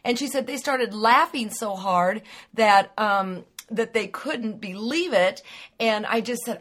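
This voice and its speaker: A woman's voice: mid-range voice, takes it slowly. Chatty woman podcast host telling stories. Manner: chatty, animated, laughs while telling stories. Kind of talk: casual storytelling monologue.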